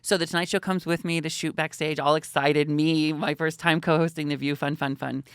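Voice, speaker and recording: A man telling funny stories as a podcast guest, animated and theatrical, acting out what others said. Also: on the high side, brisk, clear, resonant tone, no room sound, studio quality. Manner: animated, theatrical, acts out quotes. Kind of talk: comedic storytelling.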